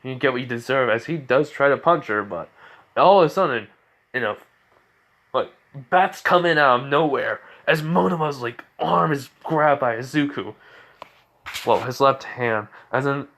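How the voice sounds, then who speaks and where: A man casually retelling a fan-made story, with a middle-pitched voice. He rambles and fills every pause with fillers. His delivery is loose and unscripted. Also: a bit bright.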